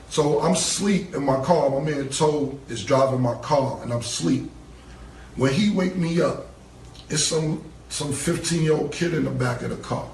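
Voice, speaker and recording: Gravelly New man telling stories. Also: mid-range voice, normal speed, a little mellow, a little hiss or hum. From New York. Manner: rambling, acts out quoted dialogue. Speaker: interview guest. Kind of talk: casual storytelling interview. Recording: roomy, distant-mic recording.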